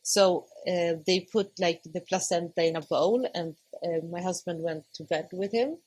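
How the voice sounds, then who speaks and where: A woman's voice: lowish voice, normal speed, poor audio. A woman in her thirties, a podcast guest, telling a personal story in a conversational way, often laughing and acting out her own past words. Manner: laughs often, animated quoting of herself.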